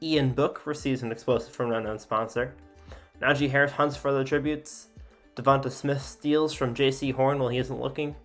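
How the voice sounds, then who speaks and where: A man's voice: mid-range voice, fairly even intonation, a little fast, fairly bright tone, faint music behind. A man casually reading out simulation events as a sports video host, with frequent filler sounds and offhand asides. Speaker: sports YouTuber.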